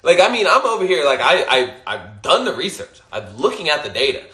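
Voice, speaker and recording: Emphatic, lively-voiced man in an echoey room. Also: on the high side, a little fast. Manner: emphatic, swears casually, laughs often, repeats points. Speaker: Instagram Live host. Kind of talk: motivational casual monologue.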